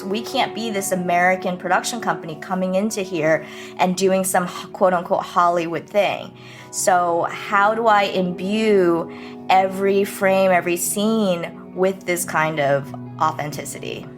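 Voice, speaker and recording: A woman film director in an interview, telling family stories in a lively way, laughing and acting out scenes. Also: lowish voice. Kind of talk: animated interview storytelling.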